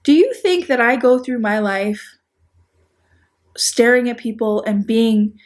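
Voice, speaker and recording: A woman's voice: on the high side, expressive, takes it slowly, darkish tone. Sarcastic woman commentator with a Chicago accent. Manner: sarcastic, rambling, self-deprecating. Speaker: commentary YouTuber. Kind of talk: casual video-essay commentary.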